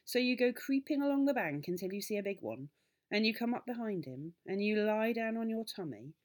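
A woman reading aloud, voicing an excitable, mischievous little old village doctor who rises to loud indignant bursts. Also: mid-range voice, fairly quick, voice pushed up, natural voice. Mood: genial, conspiratorial.

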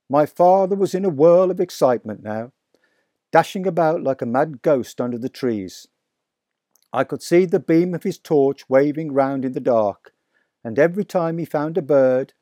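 A man narrating a children's story aloud in a vivid, expressive reading. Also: fairly high pitch, no echo, clean studio sound. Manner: slow, deliberate, vivid storytelling. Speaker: audiobook narrator.

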